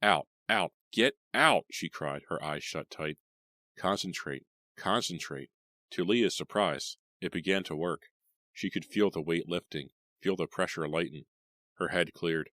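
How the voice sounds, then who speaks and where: Deep-voiced male audiobook narrator. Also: normal speed, dry recording. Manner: steady, dramatic storytelling. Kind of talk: scripted narration of a horror novel.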